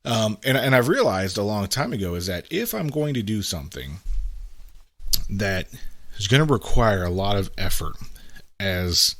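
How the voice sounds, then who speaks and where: A man's voice: on the low side, big pitch swings, moderate pace, a bit bright, no echo. A middle-aged man hosting a podcast, talking in a casual, reflective monologue with frequent "right?" asides. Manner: conversational, frequent "right?" asides, acts out quotes. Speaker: podcast host.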